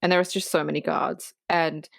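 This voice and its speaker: A woman's voice: low voice, normal speed, gravelly, dry recording, clean studio sound. A woman co-hosting a podcast, casually reviewing a film and eagerly retelling its scenes. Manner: animated retelling, acts out quoted lines. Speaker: podcast co-host.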